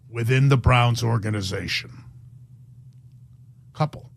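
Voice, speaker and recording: A man with an Irish accent and a gravelly voice, reporting a sports rumor slowly and deliberately in a played clip. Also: medium pitch, lively intonation, slight background noise.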